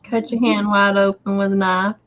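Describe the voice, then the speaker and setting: A woman's voice: mid-range voice, little pitch movement, moderate pace. A woman, a guest in a casual chat, teasing and chatty. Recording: dull lo-fi sound.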